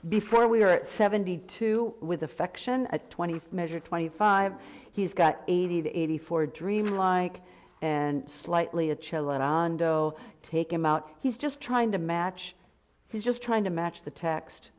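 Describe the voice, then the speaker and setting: Leading a choir rehearsal, a woman counts the beats out loud and now and then sings short count phrases to show how they should go. Her voice is fairly low with a darkish tone and an unhurried pace, and music is clearly audible behind her.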